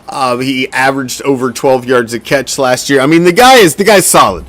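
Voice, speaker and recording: A man's voice: mid-range voice, normal speed, fairly bright tone. A middle-aged man hosting a fan sports podcast, ranting heatedly and swearing constantly. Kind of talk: profane sports rant.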